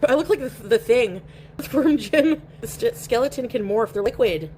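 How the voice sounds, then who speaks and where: A woman's voice: a little high, lively intonation, normal speed, darkish tone, a little hiss or hum. A woman live streaming from home, chatting casually and reading viewer comments aloud while she eats. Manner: chatty and rambling, eating while talking.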